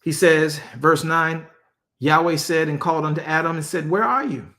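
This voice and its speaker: Man preaching, reading scripture slowly. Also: on the high side, completely flat delivery, bright, forceful tone. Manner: slow deliberate scripture reading mixed with casual slang asides. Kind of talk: sermon.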